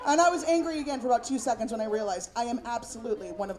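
A woman's voice: fairly high pitch, racing, hardly any pauses, crowd noise. A woman from San Francisco doing a brash, profane stand-up set as a storytelling comedian. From San Francisco, USA. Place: comedy club stage. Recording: live club with audience.

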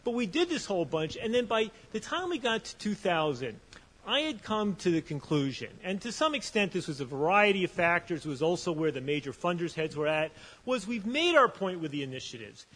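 A man's voice: sits high, big pitch swings, fairly quick, fairly bright tone, long reverb tail. A man speaking on a panel at a conference, telling a story with animation and often restarting his sentences. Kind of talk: conference talk.

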